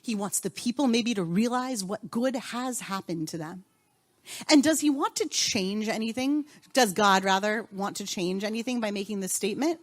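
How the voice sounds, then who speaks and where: A woman's voice: mid-range voice, normal speed. A woman rabbi and cantor teaching an interactive Torah class in a synagogue, calling on students and asking the group questions.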